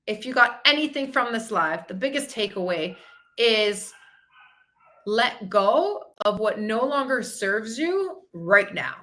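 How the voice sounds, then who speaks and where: A woman with a fairly high, pushed, bright voice hosts a live podcast session as a fitness and mindset coach. She's chatty and upbeat, speaking to viewers and reading out their comments in this livestreamed motivational talk.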